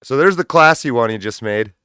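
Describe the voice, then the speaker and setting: A man hosting a livestream in loose, profane, casual chat, breaking into loud laughs. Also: medium pitch, animated, fairly quick, clear, resonant tone, no room sound, clean studio sound. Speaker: livestream host.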